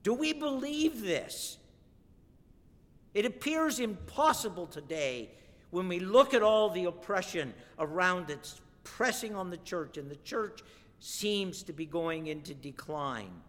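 Male preacher, slightly high voice, emphatic sermon delivery that builds to forceful declarations, long hall reverb. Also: animated, a little slow.

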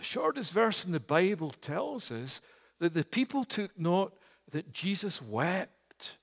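Slow, high-voiced preaching man in a hall. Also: very animated, vocal fry, a bit bright, slightly rough. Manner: slow, emphatic preaching with repeated phrases. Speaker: pastor. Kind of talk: sermon. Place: church.

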